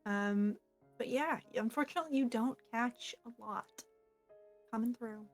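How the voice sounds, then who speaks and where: A woman running a tabletop game as game master, enthusiastic and quick to laugh. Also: on the high side, soft background music.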